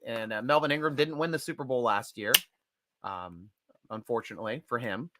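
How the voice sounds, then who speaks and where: A middle-aged man hosting a casual live-stream chat, animated and chatty and quick to laugh. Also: medium pitch, noisy background. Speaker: host.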